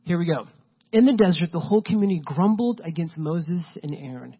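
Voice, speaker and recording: A man delivers a sermon in a relaxed, chatty manner, peppering his points with fillers. His voice sits a little high and has a husky edge. The recording sounds dull and lo-fi. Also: a little fast. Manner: casual, conversational preaching with many fillers. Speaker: pastor.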